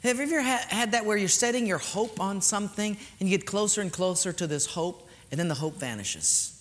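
A man's voice: high voice, expressive, fairly quick, fairly bright tone. A man preaching a sermon as a pastor, telling a story animatedly and acting out the dialogue. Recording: reverberant hall, faint ambience.

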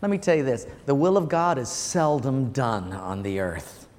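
An older man, preaching a sermon as an animated storyteller who laughs through his anecdotes. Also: medium pitch, moderate pace. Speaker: pastor. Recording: long echoey hall reverb.

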